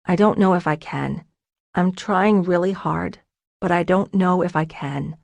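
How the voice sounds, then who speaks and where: A woman reading a troubled, withdrawn young man in an audiobook, speaking quietly and bitterly. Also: fairly low pitch, unhurried, vocal fry, no echo. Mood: quiet despair. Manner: bitter, self-blaming, quiet. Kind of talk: audiobook character voice.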